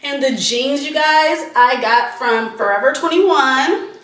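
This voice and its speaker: A woman in her thirties chatting casually to viewers in a vlog, animated and slangy with frequent asides. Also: high-pitched, slow. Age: 30s. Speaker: vlogger. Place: in a car and at home.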